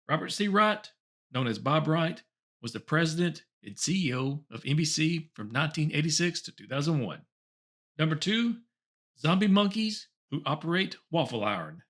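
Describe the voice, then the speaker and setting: A man's voice: a little high, fairly bright tone. A man hosting a comedy show, reading old top ten lists aloud with chuckles and wry asides. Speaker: host.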